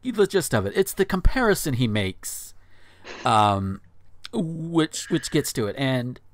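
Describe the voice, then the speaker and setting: A man's voice: medium pitch, very animated, slow, no room sound, studio quality. A man in his thirties hosting a podcast, chatting casually and breaking into incredulous, swearing outbursts. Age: 30s. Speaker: podcast host. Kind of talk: casual podcast chat with dramatic readings.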